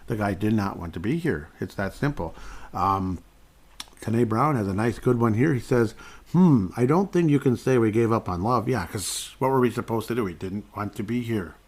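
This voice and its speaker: A man with a somewhat low voice talks through his solo basketball podcast. He rambles in a casual, chatty way and reads listener messages aloud. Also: animated, moderate pace, husky. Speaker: podcast host. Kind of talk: solo sports podcast commentary.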